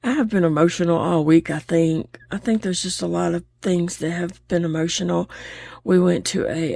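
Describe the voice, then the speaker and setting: A woman's voice: fairly low pitch, creaky, darkish tone, no room sound. A woman chatting openly while she crochets, laughing easily as she talks. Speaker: crochet vlogger. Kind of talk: casual chat while crocheting.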